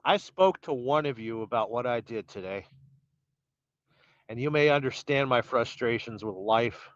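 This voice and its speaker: A man's voice: mid-range voice, expressive, unhurried, no room sound. A middle-aged man chats loosely through a livestream, reading out comments and teasing his viewers in a wry, wandering way. The audio is dry and dull, like a lo-fi stream. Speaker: trucker livestream host. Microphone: podcast-style audio only.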